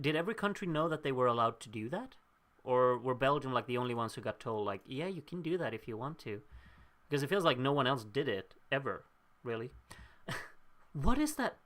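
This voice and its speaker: A young male streamer hosts a casual live watchalong, reading out viewer votes and thinking aloud as he tallies them. He's chatty, upbeat and quick to laugh at himself, with a mid-range, fairly bright voice.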